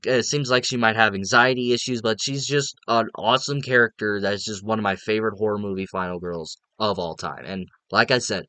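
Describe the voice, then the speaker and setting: Smooth-voiced excitable male movie reviewer. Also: medium pitch, no echo. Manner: excitable, rambling, swears freely.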